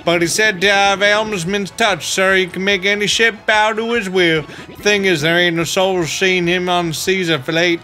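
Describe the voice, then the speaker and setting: A man playing a humble sailor deckhand, folksy and respectful, addressing everyone as sir. His voice is fairly high and bright, over faint game music. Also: steady tone, unhurried. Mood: informative. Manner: folksy, deferential, calls others sir. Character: plainspoken male sailor deckhand, deferential.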